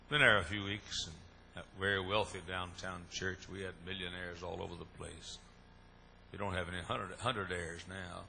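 An older man preaching a sermon, moving from quiet prayer to impassioned, shouted storytelling. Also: sits low, vocal fry, slight background noise. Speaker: pastor.

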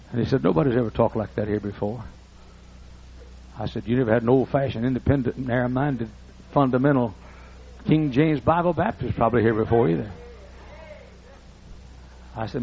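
A man's voice: medium pitch, vocal fry, a little hiss or hum. An older man preaching a folksy storytelling sermon. He acts out the dialogue in raised voices. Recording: muffled lo-fi recording.

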